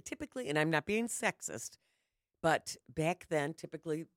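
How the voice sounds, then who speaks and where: Older woman co-host, slightly low voice, dry close mic, chatty storyteller. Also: moderate pace, no room sound. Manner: storytelling, animated, acts out quotes. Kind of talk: casual chat.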